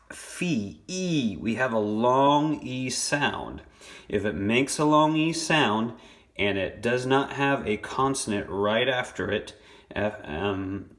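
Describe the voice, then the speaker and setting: A young man with a slightly low voice teaches children a phonics lesson. He sounds out each syllable slowly and patiently and repeats words for his pupils. He records it on a phone held in his hand. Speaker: elementary school teacher.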